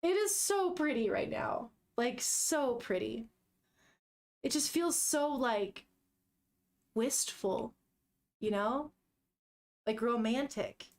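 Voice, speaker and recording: High-voiced gushing woman vlogger. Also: lively intonation, takes it slowly, long pauses. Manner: gushing, exclaiming, emotional. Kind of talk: casual reading vlog.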